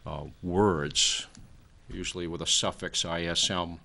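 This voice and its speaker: A man's voice: deep voice, fairly even intonation, unhurried, vocal fry, pushed and bright. A man in his sixties, a talk show guest, lecturing at length in a rambling way with many fillers. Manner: frequent fillers, trailing off.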